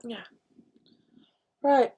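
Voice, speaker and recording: A woman's voice: very slow, mellow, lo-fi sound. A middle-aged woman chatting casually on a live stream, telling stories and swearing freely. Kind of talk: casual chat while journaling.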